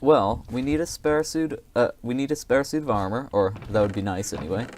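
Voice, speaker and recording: A man's voice: mid-range voice, a little fast, darkish tone, slight background noise. A man giving casual, rambling gameplay commentary, hesitant and self-deprecating, with many fillers.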